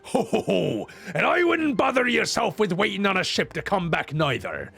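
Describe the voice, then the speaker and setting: A man's voice: high voice, very animated, moderate pace, creaky, a bit bright, husky, pitched above the performer's own voice, exaggerated voice. A man voicing a foul-mouthed, brash male pirate rogue in a game dub, snarling his lines. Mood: gruff. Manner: growling pirate snarls and swearing.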